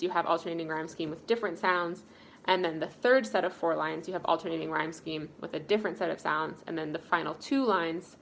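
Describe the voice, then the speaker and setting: A woman's voice: fairly low pitch, fairly bright tone, slight background noise. American woman teaching a poetry lesson. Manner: upbeat, explains step by step, frequent ums. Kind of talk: recorded class lesson.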